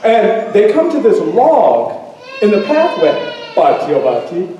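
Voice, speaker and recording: A man storyteller telling a tale live to an audience in a school auditorium, animated and playful, drawing the crowd in with call and response. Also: sits high, measured pace, lo-fi sound, slight background noise. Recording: very echoey hall from far off.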